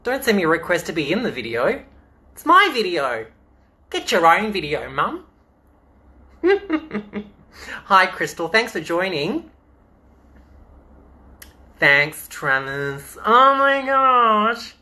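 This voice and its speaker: A man's voice: a little high, wildly swooping pitch, takes it slowly, long pauses, pushed and bright. A man with an Australian accent reading children's books aloud as a drag queen during a live-streamed storytime from home into a phone, chatting in a playful, campy way between pages.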